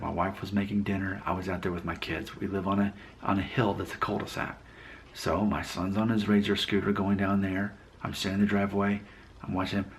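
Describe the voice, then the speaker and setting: A man's voice: fairly low pitch, vocal fry, fairly bright tone. A man in his thirties from Alabama, talking to camera in a reflective, rambling way, often correcting himself as he tells a personal story. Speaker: vlogger. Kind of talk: casual storytelling vlog.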